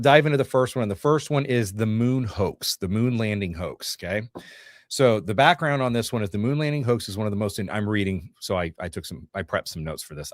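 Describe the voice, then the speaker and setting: With a voice on the low side, a middle-aged Northeast Georgia man co-hosts a laid-back livestream, wandering off on tangents and cracking jokes while reading notes and viewer comments. The recording is dry and studio quality.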